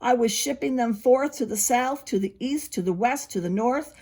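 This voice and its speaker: Woman, preschool teacher, picture book read-aloud, expressive, slightly high voice. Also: breathy edge. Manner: expressive, pausing to explain to young children.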